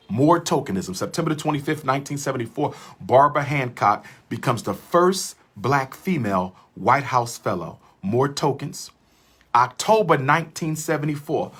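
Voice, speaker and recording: A man's voice: fairly high pitch, a bit bright, slightly rough. A man giving an impassioned livestream lecture, repeating his lines for emphasis in a preacher-like way. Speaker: livestream host.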